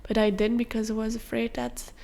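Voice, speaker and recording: A young woman hosting a podcast, telling a personal story in a candid, confessional way with soft fillers. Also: on the high side, monotone, fairly quick. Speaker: podcast host.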